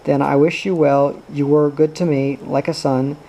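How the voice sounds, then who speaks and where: A man reading the part of a weary, pious old widow from a farm, her talk plain and mournful. The voice is low-keyed and mellow with a gravelly edge, and it stays flat and even. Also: normal speed, lo-fi sound.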